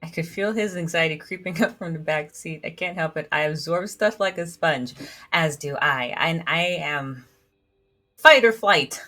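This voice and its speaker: A woman's voice: low voice, normal speed, pushed and bright. A woman playing a story game and reading its dialogue aloud, laughing at herself as she goes. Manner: giggly, self-deprecating, reads dialogue aloud. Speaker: gamer reading all the game's characters. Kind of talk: let's play commentary.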